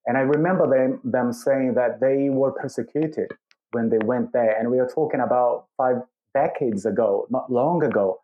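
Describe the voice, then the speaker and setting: A Brazilian man speaking English with a British-tinged accent, answering thoughtfully with many pauses as an interview guest. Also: mid-range voice, phone-quality sound. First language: Portuguese. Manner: thoughtful, hesitant, with many fillers. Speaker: guest, church leader.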